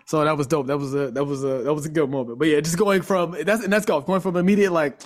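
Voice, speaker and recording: A man's voice: fairly high pitch, fast talker. A man co-hosting a casual golf podcast, telling stories and acting out what people said. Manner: animated storyteller, acts out quotes. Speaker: podcast co-host.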